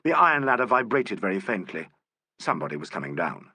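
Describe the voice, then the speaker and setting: Male audiobook narrator, expressive, lively pitch, bright tone, close dry mic. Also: fast talker, husky, dry recording. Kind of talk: scripted novel narration.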